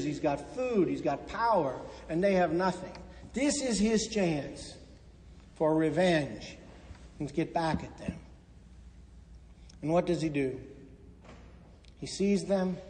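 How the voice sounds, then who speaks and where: A male preacher with a notably high voice delivers a storytelling sermon. He voices the people in his stories and sinks into soft, slow phrases at the turning points. Long reverb trails behind his words.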